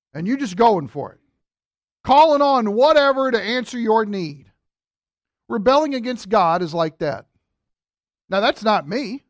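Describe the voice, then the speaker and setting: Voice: sits high, no echo. Joking, chatty Bible teacher with dry sound. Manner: joking asides, addresses listeners directly.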